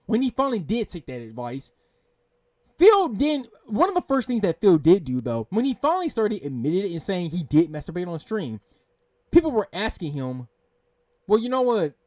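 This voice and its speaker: A man's voice: high-pitched, wildly swooping pitch, normal speed, dark tone, no echo, studio quality. A man hosting a reaction video, ranting in exasperation, swearing and repeating himself. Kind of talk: angry rant commentary.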